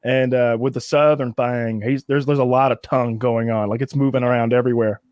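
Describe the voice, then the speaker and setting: A man's voice: medium pitch, steady tone, fairly quick, darkish tone, clear, resonant tone, dry recording. A man co-hosting a podcast, chatting casually and explaining things in detail. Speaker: podcast co-host. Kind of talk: casual chat.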